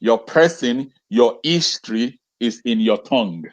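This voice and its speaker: On a video call, a man who is an educator speaks as an interview guest in a mid-range, expressive voice, a little slowly. His talk is impassioned, full of repeated phrases and rhetorical questions.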